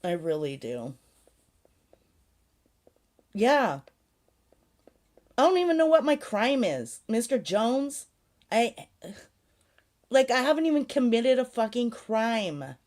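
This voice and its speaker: A woman's voice: a little high, sing-song, slow pace, long pauses, darkish tone. A woman hosting a casual live chat, ranting sarcastically, swearing often and laughing a lot. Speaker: livestream host.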